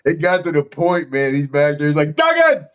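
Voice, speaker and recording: A man's voice: fairly high pitch, steady tone, fairly quick, clear, resonant tone. An older man, an interview guest, telling casual rambling stories and laughing often between them. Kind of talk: casual storytelling. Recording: slightly dull lo-fi sound.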